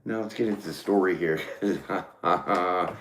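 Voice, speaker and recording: A man's voice: deep voice, measured pace, a bit bright, echoey room, slight background noise. A man doing a casual live tarot reading, a swearing storyteller who rambles and laughs often. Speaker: tarot reader; former mechanic.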